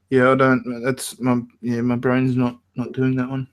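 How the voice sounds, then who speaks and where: A man's voice: medium pitch, completely flat delivery, normal speed, hardly any pauses, clean tone. A man in a casual discussion who asks pointed questions and reads passages aloud in a wry way.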